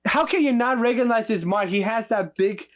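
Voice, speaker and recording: Halting man on a podcast. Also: high-pitched. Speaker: podcast co-host. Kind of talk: casual film review chat.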